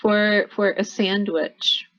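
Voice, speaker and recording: A woman's voice: mid-range voice, steady tone, slow, a bit bright, lo-fi sound. An American woman teaching pronunciation in a college classroom, explaining patiently and repeating words for her students. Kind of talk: classroom instruction.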